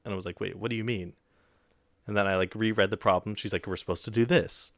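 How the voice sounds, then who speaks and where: Speaking quickly in a fairly low voice, this young man co-hosts a podcast and relates a story in a lively, casual way, imitating the people he quotes. He swears mildly. The sound is clean studio audio with no echo.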